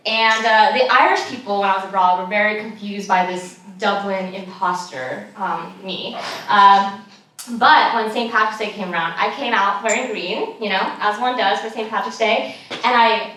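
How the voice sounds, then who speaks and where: A woman's voice: mid-range voice, moderate pace, a bit bright. A young woman from California doing a stand-up comedy set, chatty and self-deprecating with many ums and giggles. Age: young adult. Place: comedy show stage in a room. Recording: very echoey room, picked up from a distance, some noise.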